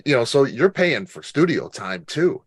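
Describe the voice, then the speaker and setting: A man's voice: mid-range voice, very animated, normal speed, husky, no room sound. A man hosting a casual interview who laughs often and agrees readily with his guest. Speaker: interview host.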